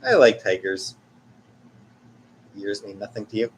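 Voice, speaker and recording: A man's voice: on the low side, expressive, unhurried, slight background noise, poor audio. A man in his forties chatting casually while showing family photos, rambling, jokey and self-mocking. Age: 40s. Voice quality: husky. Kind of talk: casual chat.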